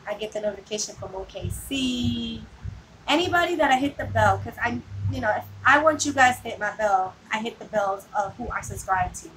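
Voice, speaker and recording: Speaking a little fast in a slightly high, fairly bright voice with lively intonation, this woman vlogger rambles through a casual live chat with her viewers. She laughs a lot and fills her speech with "like" and "you know." The audio comes from a distant phone mic and picks up noticeable background noise.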